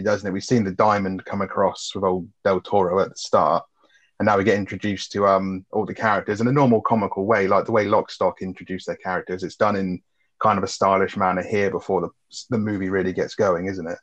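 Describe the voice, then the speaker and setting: A man's voice: low voice, flat delivery, fast talker. A man co-hosting a casual film review, bantering and swearing freely as he recaps scenes. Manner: swears freely, bantering, quotes lines with a laugh. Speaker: podcast co-host. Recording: muffled lo-fi sound.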